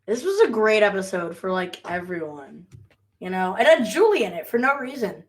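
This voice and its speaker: A woman's voice: mid-range voice, very animated, moderate pace. A young woman co-hosting a podcast in casual chat about a TV episode, giggly and laughing often. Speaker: podcast co-host.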